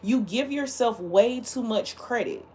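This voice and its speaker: A woman's voice: a little high, animated, measured pace, dark tone. A woman hosting a livestream, talking casually in a blunt, heated and emphatic way. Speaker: livestream host.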